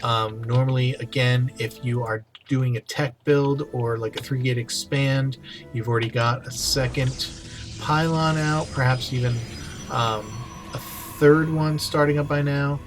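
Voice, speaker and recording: A man's voice: medium pitch, steady tone, a little slow. A young man hosting a casual game-replay commentary, chatty and playful with jokey asides. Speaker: host, game caster. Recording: faint music behind.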